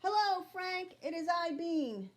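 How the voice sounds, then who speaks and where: A woman reading aloud and voicing a loud, eager, cheerful bean in a children's storybook. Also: extremely high pitch, lively intonation, takes it slowly, voice pushed up, exaggerated voice. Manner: bouncy, eager questions. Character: loud excitable musical bean, cheerful and chatty.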